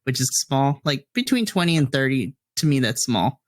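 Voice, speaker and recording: A game master running a tabletop game, explaining rules and describing scenes, laughing often. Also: male voice, mid-range voice, sing-song, normal speed.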